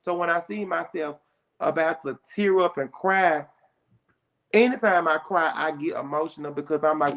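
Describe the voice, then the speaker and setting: A young adult woman, a guest on a casual chat show, telling a story in an animated way with plenty of slang. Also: deep voice, moderate pace.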